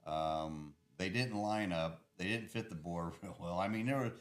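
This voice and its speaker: A middle-aged man, an engine builder, chatting loudly on a podcast and laughing often as he rambles about his work. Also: sits low, normal speed. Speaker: engine builder and shop owner. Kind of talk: casual podcast chat.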